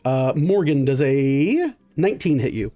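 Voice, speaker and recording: A man's voice: mid-range voice, sing-song, unhurried, mellow, faint music behind. A man running a tabletop game as dungeon master, narrating vividly with many fillers.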